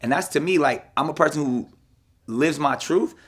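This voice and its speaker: A man's voice: fairly high pitch, moderate pace. A man chatting casually as a guest, joking then turning earnest. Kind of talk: casual conversation.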